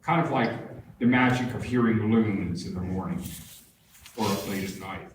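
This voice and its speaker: An older man giving a public talk, telling his stories in an unhurried, humorous way. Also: fairly low pitch, a little hiss or hum. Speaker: guest speaker at a public talk. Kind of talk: storytelling talk. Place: large barn hall with an audience. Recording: echoey hall, far from the mic.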